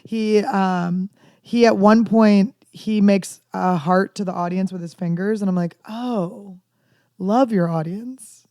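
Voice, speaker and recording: A woman comedian in her thirties telling candid, rambling stories with dark jokes in a casual podcast chat. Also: mid-range voice, level tone, a little slow, smooth, no echo, studio quality. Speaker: comedian guest.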